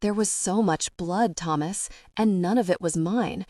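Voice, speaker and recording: A woman's voice: on the low side, dark tone, no echo, studio quality, lightly acted. A woman reading as a grieving, guilt-ridden young woman. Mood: anguished. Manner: halting, anguished confession.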